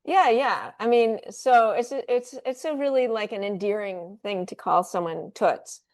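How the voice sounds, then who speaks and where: A woman speaking as a guest in a casual radio interview, relaxed and chatty with frequent laughs. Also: medium pitch, moderate pace. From United States. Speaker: guest, food company founder.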